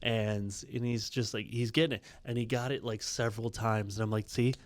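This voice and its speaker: Midwestern male co-host, animated storyteller, dry mic. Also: on the low side, fairly quick, no room sound. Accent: Midwestern American. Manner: animated storyteller, acts out quotes. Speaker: podcast co-host. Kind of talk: casual chat.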